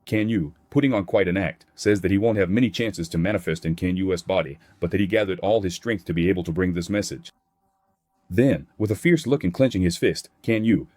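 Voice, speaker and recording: A man's voice: low voice, darkish tone, dry recording. A man narrating a comic recap in a plain scripted read, voicing characters' quotes in his own voice.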